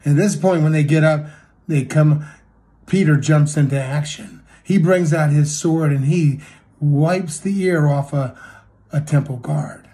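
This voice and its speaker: A man preaches a sermon in a voice on the high side, at a measured pace. He retells a story with acted-out quotes, swinging between loud and hushed delivery.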